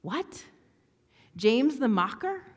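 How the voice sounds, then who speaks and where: A woman preaching a sermon in a conversational, animated way, acting out quoted lines with sarcasm. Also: a little high, extremely slow, big-room sound. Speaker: pastor.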